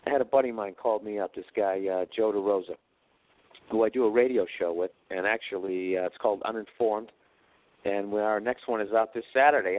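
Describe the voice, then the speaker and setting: A man's voice: on the low side, brisk, no echo. Profane storytelling man on a tinny podcast mic. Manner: profane storytelling, acts out quotes. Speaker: podcast host. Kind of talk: casual rambling monologue. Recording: dry tinny phone-like sound.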